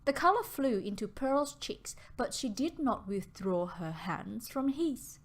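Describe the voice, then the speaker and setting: Woman, audiobook narrator, soft, near whisper, slow, expressive melody. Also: on the high side.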